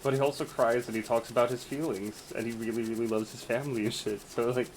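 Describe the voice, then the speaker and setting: A man's voice: medium pitch, steady tone, quick pace, slight background noise, low-quality recording. A man streaming a game, chatting casually with crude, teasing banter and frequent laughter. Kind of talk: casual chat while gaming.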